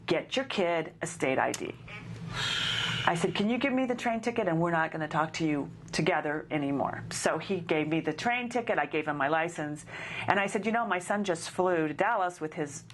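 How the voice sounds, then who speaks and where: A middle-aged woman recounts an encounter in a relaxed conversational way, her fairly low voice leaping upward whenever she acts out what someone said. There is faint noise behind her. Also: moderate pace. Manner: animated, acts out dialogue with rising pitch. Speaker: guest telling a personal story. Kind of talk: casual storytelling.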